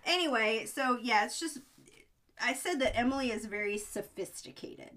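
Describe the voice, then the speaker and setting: A woman co-hosting a casual podcast, recapping a film with animated quotes and asides. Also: on the high side, moderate pace. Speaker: podcast co-host. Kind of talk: casual chat about a movie.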